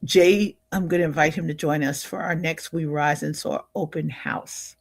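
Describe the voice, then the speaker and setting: A woman's voice: deep voice, steady tone, moderate pace, gravelly, no echo, studio quality. An older woman hosting a livestream in a casual, upbeat way, often laughing and greeting viewers by name. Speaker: livestream host.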